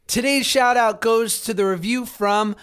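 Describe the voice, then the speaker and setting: A man's voice: very high-pitched, fairly even intonation, unhurried, a bit bright, clear, resonant tone. A man in his thirties co-hosting a podcast, joking and teasing through casual banter, with a slight lisp. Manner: joking, teasing, laughs often. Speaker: podcast co-host.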